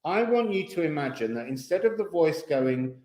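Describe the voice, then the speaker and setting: A man's voice: on the high side, very animated, normal speed, warm tone. A man from England with a Kent accent, teaching a voice lesson in a chatty way, laughing often and counting breaths aloud. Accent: English, Kent. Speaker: singing teacher. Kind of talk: voice lesson, guided exercise. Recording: roomy echo.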